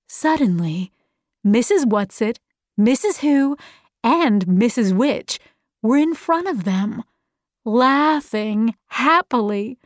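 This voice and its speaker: Slow, high-voiced woman reading a story. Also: no echo, studio quality. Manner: slow, clearly enunciated. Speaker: audiobook narrator. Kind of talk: scripted narration of a graded reader.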